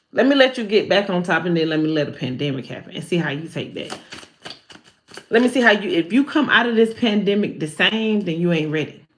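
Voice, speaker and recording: A woman voicing God as a patient male deity who speaks in a calm, coaxing, instructive way. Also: mid-range voice, slight background noise, lightly acted.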